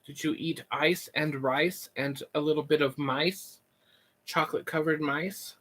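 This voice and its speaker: A man's voice: fairly high pitch, steady tone, a little slow, fairly bright tone. A young man chatting casually on a live stream, rambling, joking and answering his chat. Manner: goofy, rambling, reads chat and jokes.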